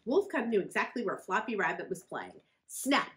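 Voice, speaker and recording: A woman, a children's librarian, reading a picture book aloud to children in a friendly, expressive storytelling manner. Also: medium pitch, a little fast.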